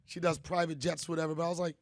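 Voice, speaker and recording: High-pitched joking man, gravelly voice. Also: level tone, racing, no echo, clean studio sound. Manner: loose, joking, slangy storyteller. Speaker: comedian host speaking to an event crowd. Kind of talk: storytelling speech to a live crowd.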